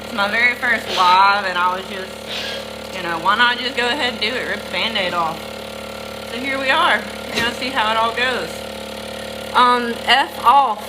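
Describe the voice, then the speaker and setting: Speaking at a moderate pace in a fairly high voice, a sleep-deprived Southern woman chats on a livestream as she tends her goats in the barn. She greets viewers by name between tasks. Noise fills the background.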